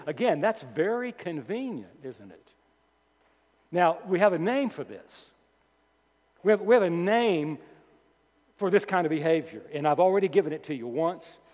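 A fairly high-pitched man preaching with emphatic, deliberate delivery, leaning on repeated words. His voice rings with a long hall reverb. The recording is dull and lo-fi. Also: darkish tone. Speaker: pastor. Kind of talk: sermon.

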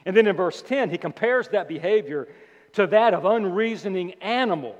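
A man preaching a sermon as pastor, emphatic and deliberate, repeating key words slowly for weight. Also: high-pitched, expressive. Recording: dull lo-fi sound with long hall reverb.

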